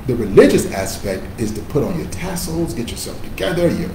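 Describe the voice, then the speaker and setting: A man's voice: mid-range voice, sing-song, brisk, warm tone, roomy sound, a little hiss or hum, rough recording. A male pastor preaching a sermon in an emphatic, conversational style, calling on listeners to repeat after him.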